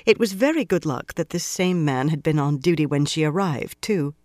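A narrator reading a fantasy novel aloud in a measured, even storytelling delivery. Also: medium pitch, no echo, clean studio sound. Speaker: audiobook narrator. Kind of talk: scripted fantasy audiobook narration.

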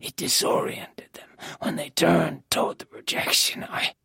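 A reader voicing a broken, guilt-ridden young man who was held captive, in a whispered role-play, hushed, halting and grave. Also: dry recording. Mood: haunted whisper.

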